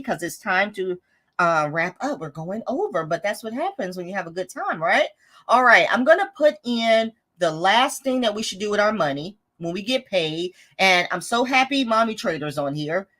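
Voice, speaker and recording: A woman's voice: medium pitch, lively intonation, moderate pace, fairly bright tone. A woman hosting a casual budgeting livestream, chatting, reading viewer comments aloud and correcting herself as she goes. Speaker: host of a live budgeting stream.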